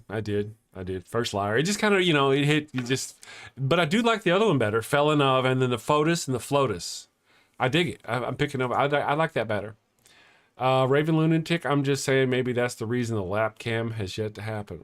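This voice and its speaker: A man's voice: medium pitch, a bit bright. Rambling, jokey live-stream host man. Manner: rambling, jokey, laughs often, restarts mid-sentence. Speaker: host of a live atheist morning show. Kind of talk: casual live-stream chat reading viewer comments.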